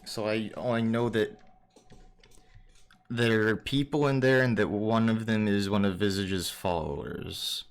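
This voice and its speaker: Casting: hesitant male player, smooth low voice. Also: fairly even intonation, measured pace. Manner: hesitant, thinking aloud.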